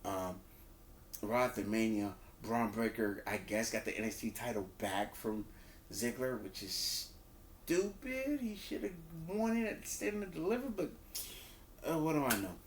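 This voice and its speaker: A man at an average pitch gives a casual, animated wrestling review. He repeats himself, trips over restarts and jumps into a higher voice to act out what people said. The room around him sounds echoey. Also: unhurried, a little hiss or hum. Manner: animated, acts out quotes in a higher voice; loose, repeats words and restarts. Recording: roomy echo.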